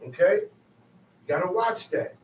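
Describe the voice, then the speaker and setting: A man with a high, somewhat mellow voice teaches scripture, speaking slowly and expressively. His Bible teaching is emphatic and conversational, and he often repeats phrases. The room echoes and the mic sits at a distance.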